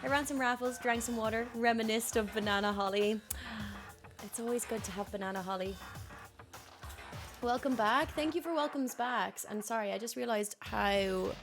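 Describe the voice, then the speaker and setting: A woman streamer chatting excitedly with viewers during a live game stream, giggly and prone to squeals. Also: fairly high pitch, moderate pace, music in the background. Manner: loud squeals and laughing shouts.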